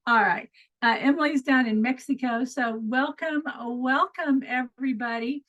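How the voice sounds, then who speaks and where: Texan lady hosting a zoom call, kinda high voice, chatty and upbeat, dull lo-fi sound. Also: normal speed, a bit bright. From Texas. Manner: chatty, upbeat, loose with fillers and laughs. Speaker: host. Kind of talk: online group coaching call. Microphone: video call. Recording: lo-fi video call audio.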